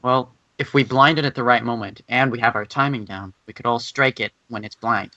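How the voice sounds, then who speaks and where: A man's voice: medium pitch, fairly even intonation, brisk, bright, forceful tone, dull audio. A man playing a tabletop game, talking casually and asking questions about his moves. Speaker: player.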